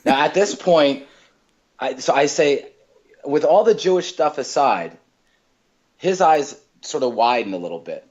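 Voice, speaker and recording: A male comedian telling stories in a casual chat, talking in quick bursts with lots of fillers and restarts. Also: on the high side, muffled recording. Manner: animated storyteller, many fillers and restarts. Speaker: comedian guest.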